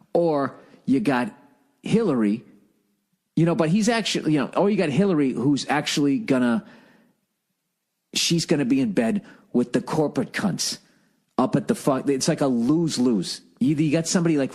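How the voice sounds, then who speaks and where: A man's voice: on the low side, darkish tone, husky. An American man hosting a solo comedy podcast, ranting with heavy profanity and sarcasm. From United States. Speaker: podcast host.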